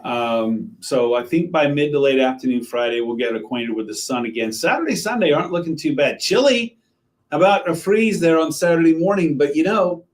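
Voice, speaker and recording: A man's voice: a little high, expressive, normal speed. A man, a TV meteorologist giving a casual live weather update, chatting and joking with viewers and greeting them by name. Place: TV station weather set.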